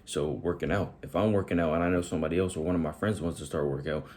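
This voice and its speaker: A man's voice: low-pitched, fairly even intonation, rapid-fire, darkish tone. A man giving a casual motivational talk to his viewers, speaking directly to them and asking repeated questions. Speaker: motivational video host.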